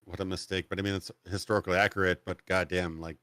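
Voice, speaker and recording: A man with a low voice in easygoing podcast chat, recorded dry and close. He laughs often and trails into fillers as he thinks. He sounds like a relaxed co-host. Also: quick pace, no echo. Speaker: streamer co-host.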